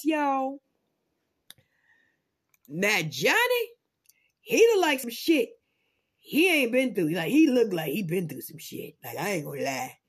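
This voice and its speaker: A woman vlogging in casual commentary, profane and dramatic, swinging between loud outbursts and low muttering. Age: adult parent.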